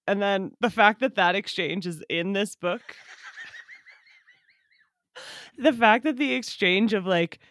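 A woman's voice: fairly low pitch, measured pace, no room sound. A woman co-hosting a podcast, talking in loose, rambling chat. She jokes at her own expense and laughs often. Her voice sits close and dry, with no room around it. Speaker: podcast co-host. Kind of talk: casual chat.

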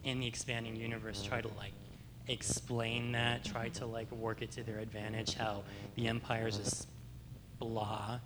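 A man's voice: lowish voice, little pitch movement, moderate pace, background noise. A man from the audience offering a comment at a fan panel, speaking hesitantly with many "like"s and "um"s. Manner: hesitant, full of "like" and "um". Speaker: audience member.

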